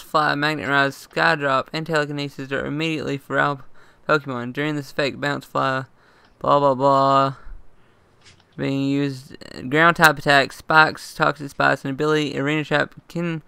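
A young man co-hosting a casual gaming podcast, reading text aloud haltingly and laughing often. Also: medium pitch, creaky, sharp tone, clean tone, no room sound. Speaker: podcast co-host.

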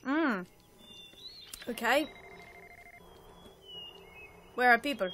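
A woman chatting through a video game, self-mocking, with sudden excited cries. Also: a little high, very slow, background noise. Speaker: let's play gamer. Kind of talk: casual gameplay commentary.

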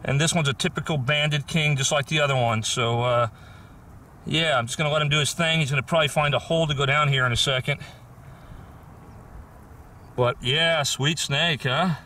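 A man with a slightly high voice narrates from outdoors into a handheld camera mic. He is easygoing and enthusiastic, thinking aloud with relaxed fillers. A faint outdoor hush sits behind him. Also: moderate pace, pauses often, far from the mic, slight background noise. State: a little out of breath. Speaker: vlogger. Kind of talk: outdoor nature vlog narration. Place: outdoors on a hillside.

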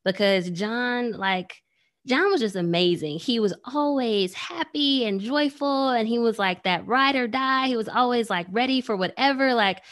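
A woman in her thirties tells a story from her own life in a relaxed, conversational way. She leans on "like" constantly and lets her voice leap upward for sarcastic asides before settling back to a mid-range tone. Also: measured pace. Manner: animated, jumps high for sarcastic asides; frequent "like" fillers. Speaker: trading educator. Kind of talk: personal storytelling talk.

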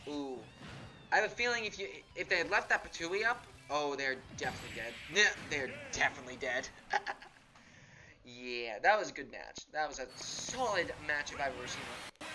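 A man's voice: fairly high pitch, animated, moderate pace. A man streaming a fighting game, chatting casually in a rambling, laid-back way full of fillers as he comments on matches. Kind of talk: casual live gameplay commentary.

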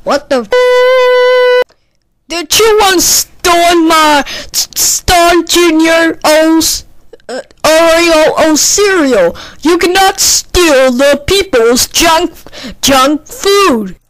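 Woman voicing a shrill furious scolding parent. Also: drawn-out words, a bit bright, heavily acted. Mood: angry. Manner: angry, stumbling scolding rant. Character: furious scolding parent figure grounding kids. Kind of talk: amateur animated grounding video voice acting. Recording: noisy home recording.

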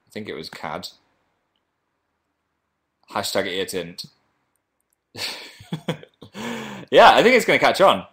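Bright-voiced man chatting playfully. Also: on the low side, huge pitch swings, slow, pauses often. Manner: chatty, playful, reads viewer comments aloud. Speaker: livestream host. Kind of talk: casual livestream chat.

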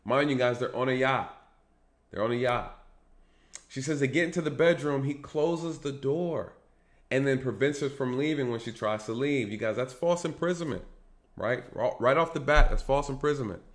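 A man hosting a casual commentary monologue, talking straight to his viewers, checking in with "right?" and "you guys", and swinging between loud, lively stretches and low, muttered asides. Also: moderate pace. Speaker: commentary channel host.

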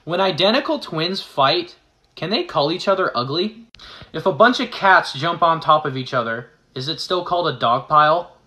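A man pondering absurd questions one after another in a dry, musing manner. His voice is bright and sits a little high. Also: lively intonation, normal speed. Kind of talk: deadpan shower-thought questions.

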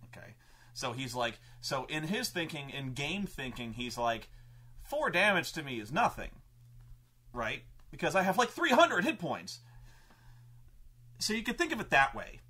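A man tells a story about his tabletop campaign in casual, profane speech. His bright, fairly high voice jumps around a lot in pitch. He talks with loose, lively energy. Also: moderate pace, husky. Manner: animated, profane, acts out characters. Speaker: game master telling a campaign story.

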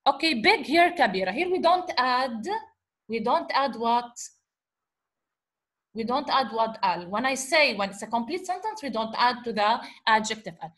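Woman teacher, fairly high voice, keeps asking herself questions and saying okay. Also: lively intonation, normal speed, fairly bright tone. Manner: repeats herself, asks and answers her own questions, says "okay" often. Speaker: Arabic teacher. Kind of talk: explaining grammar lesson.

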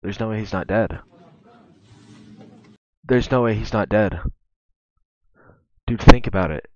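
A man reacting to meme videos as a streamer, excitable and cursing often, bursting into laughter. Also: lowish voice, takes it slowly, long pauses, slight background noise. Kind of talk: casual reaction commentary. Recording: dull lo-fi mic.

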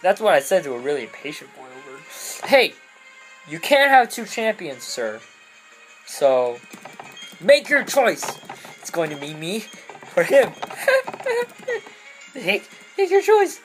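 A young woman giving goofy, rambling commentary over a video game, often breaking into loud squeals and silly voices. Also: low-pitched, sing-song, measured pace, pauses often, soft background music, low-quality recording. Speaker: let's play commentator.

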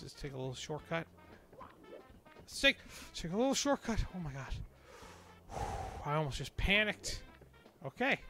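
A man gives let's play commentary with a gravelly, fried edge to his voice, and his pitch swings widely as he talks. He swears and blows up at the game, then coaches himself to calm down. Game music plays faintly underneath. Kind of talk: gameplay commentary. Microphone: desk microphone.

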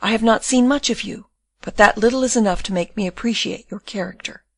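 A woman voicing a calm condemned young prisoner. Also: medium pitch, a little fast, creaky, no room sound. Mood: tender. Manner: tender, calm and consoling.

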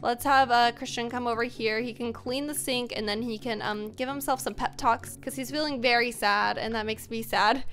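A woman's voice: fairly high pitch, fairly even intonation, normal speed, hardly any pauses, a bit bright, faint music behind. A young woman chatting casually and bubbly to her viewers while playing a life-sim game. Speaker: gaming YouTuber. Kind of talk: casual let's play commentary.

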